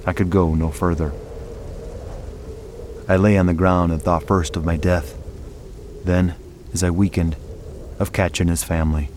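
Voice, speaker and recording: Low-voiced male narrator for a dark horror tale, slow and grave, with a faint hiss of noise behind him. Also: little pitch movement. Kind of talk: scripted first-person horror narration.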